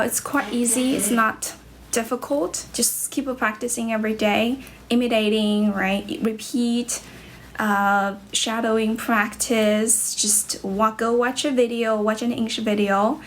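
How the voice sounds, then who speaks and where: A young woman with a Chinese accent and a slightly high voice chats on a livestream as an English teacher, answering viewer comments. She moves between English and Chinese and speaks bluntly to rude viewers. A faint ambient hum sits behind her. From China.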